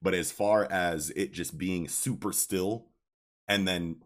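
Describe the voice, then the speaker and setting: A man's voice: sits low, fairly even intonation, slow pace. A man co-hosting a casual podcast, reacting with hyped slang and musing on the manga medium. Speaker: podcast co-host.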